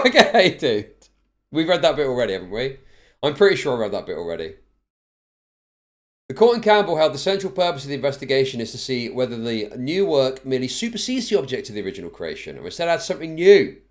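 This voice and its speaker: Male streamer, mid pitch, very lively intonation, reads a ruling fast and then wanders into sarcastic commentary. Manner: reads quickly, then breaks off into sardonic, bored asides. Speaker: live streamer. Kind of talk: reading a court ruling aloud with commentary.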